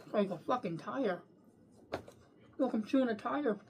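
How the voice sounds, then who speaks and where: A woman vlogger with a fairly high voice reviews her takeout on camera. She swears freely, talks between bites and slides into loose, irritated ranting. A faint hum of noise sits under her voice. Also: lively intonation, normal speed, darkish tone. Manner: profane, ranting, talks while chewing. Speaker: food vlogger. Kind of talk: casual food review.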